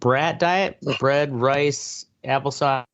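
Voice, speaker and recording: A man's voice: medium pitch, slow pace, fairly bright tone, dry recording. A man co-hosting a podcast, talking loosely and offhandedly in casual chat, with lots of fillers. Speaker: podcast co-host. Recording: slightly dull, lo-fi sound.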